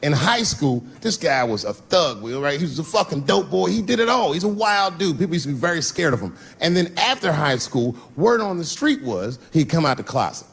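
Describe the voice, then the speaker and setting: A man's voice: fairly high pitch, very animated, fairly quick, vocal fry, few pauses, slightly rough. Profane stand-up comic in his fifties. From Washington, D.C. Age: 50s. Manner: profane, conversational, swings between voices. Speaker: stand-up comedian. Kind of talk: stand-up storytelling. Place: live comedy stage before an audience. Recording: noisy live venue recording.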